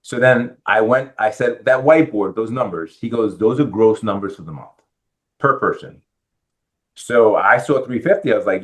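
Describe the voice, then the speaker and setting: A middle-aged man with a fairly low voice. He tells his story as a podcast guest in a lively way, acting out the voices of the people he met. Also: moderate pace. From Bronx, New York. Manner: animated storyteller acting out quoted dialogue. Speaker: guest, real estate lender.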